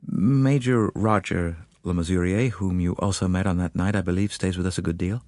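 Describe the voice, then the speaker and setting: A man's voice: low-pitched, fairly even intonation, moderate pace, darkish tone, no room sound, lightly acted. A man voicing a worried mother of two boys, speaking urgently in an audiobook.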